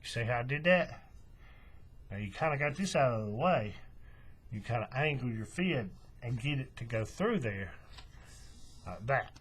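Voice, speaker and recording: A man's voice: mid-range voice, normal speed, pauses often, breathy edge. A man hosting a hands-on craft tutorial, talking casually step by step while he works with his hands. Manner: relaxed, folksy, talks while working with his hands.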